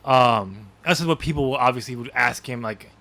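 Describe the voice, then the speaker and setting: A man's voice: medium pitch, normal speed, gravelly, bright, forceful tone. A man co-hosting a podcast in casual chat, rambling with lots of ums and easy laughs. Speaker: podcast co-host.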